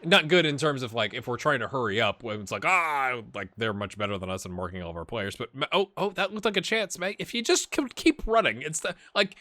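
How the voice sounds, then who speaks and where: A man hosting a gaming channel, casually commenting while he plays, chatty and rambling, with laughs and sudden excited outbursts. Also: medium pitch, fast talker, few pauses, dry recording. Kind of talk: casual commentary while playing a football management game.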